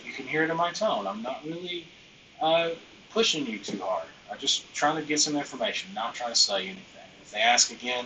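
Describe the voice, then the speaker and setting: A man's voice: mid-range voice, lively intonation, brisk, recorded from a distance, noisy background. A man hosting a business training live stream, talking loosely and emphatically, with lots of fillers and the odd bit of slang.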